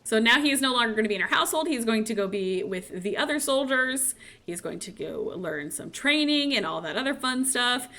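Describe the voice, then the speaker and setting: Bright-voiced woman chatting over gameplay. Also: fairly high pitch. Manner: chatty, talks to her game characters, voices them playfully. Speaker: streamer. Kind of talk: casual gameplay commentary.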